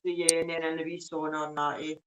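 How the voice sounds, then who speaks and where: A woman's voice: low-pitched, flat delivery, brisk, fairly bright tone, clear, resonant tone, low-quality recording. Easygoing Scottish woman in chat. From Scotland. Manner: easygoing, uses "aye" and "eh". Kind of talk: casual chat.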